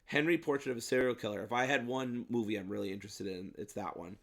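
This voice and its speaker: A man's voice: mid-range voice, quick pace, gravelly. A man co-hosting a casual movie review chat, rambling with lots of ums and some playful swearing. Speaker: podcast co-host.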